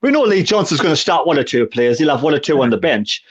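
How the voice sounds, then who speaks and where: A man's voice: on the high side, sing-song, fast, slightly rough. A man in his sixties on a fan chat panel, blunt and grumbling. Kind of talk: casual live fan chat. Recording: dull lo-fi line.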